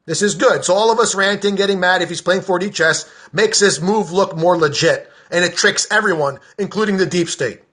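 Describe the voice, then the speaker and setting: A man podcaster giving a heated, profane political rant straight to camera, openly shouting. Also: sits high, a little fast, hardly any pauses.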